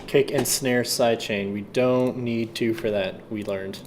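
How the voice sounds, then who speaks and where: There's a slight hiss or hum as a man with a medium-pitched, fairly even voice talks unhurriedly during a music-production livestream. He rambles loosely to himself and his chat, dropping the occasional swear word.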